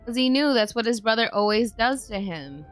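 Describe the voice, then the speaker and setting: Lively woman cracking jokes over gameplay. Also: a little high, normal speed, smooth, soft background music. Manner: animated, jokey. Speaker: let's play co-host. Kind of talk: casual gameplay commentary.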